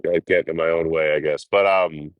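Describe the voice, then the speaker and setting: A man with a very low voice tells road stories on a livestream, swearing freely and talking with animated energy. The sound is dry and close, with hardly any room echo. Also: moderate pace, clear, resonant tone, highs cut off. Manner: profane, animated storytelling. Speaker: hitchhiking livestreamer. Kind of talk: casual storytelling on a livestream.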